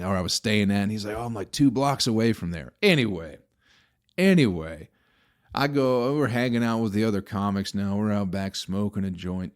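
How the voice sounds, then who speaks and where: A man with a somewhat low voice tells a meandering story on his podcast. He swears freely and keeps turning to his listeners with exasperated asides, in the loose manner of a stand-up comic. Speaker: comedian podcast host. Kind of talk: rambling comedic storytelling.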